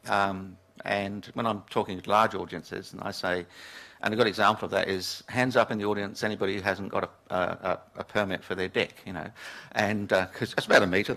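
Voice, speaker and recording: An older man from England speaks to a room full of people, spinning anecdotes and chuckling at his own jokes. His voice sits a little low but comes across bright and forceful. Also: fairly quick. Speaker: keynote speaker. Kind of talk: storytelling talk to a live audience. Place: lecture room with audience.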